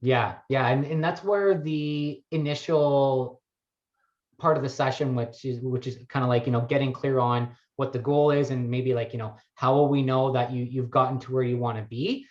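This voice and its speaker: A man's voice: mid-range voice, fairly even intonation, moderate pace, darkish tone. A man working as a wellness coach, talking thoughtfully in an interview and searching for his words as he goes. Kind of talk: conversational interview. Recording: muffled lo-fi audio.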